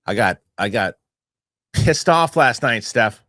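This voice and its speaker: A man hosting a casual podcast chat, telling an animated, rambling story full of restarts and repeated words, into a close studio mic. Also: medium pitch, takes it slowly, no room sound. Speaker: podcast host.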